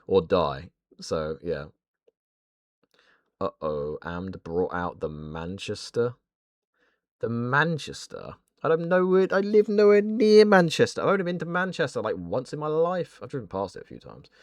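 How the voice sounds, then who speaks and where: A mid-range, lively-sounding man from southern England banters with mock indignation at a measured pace on his gaming livestream. The close-mic recording is dry with no echo and faint game music.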